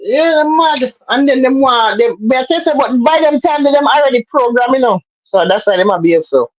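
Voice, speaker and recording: A woman's voice: high voice, lively intonation, normal speed, no room sound, muffled recording. A woman, chatting casually and giving emphatic, opinionated commentary. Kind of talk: casual chat.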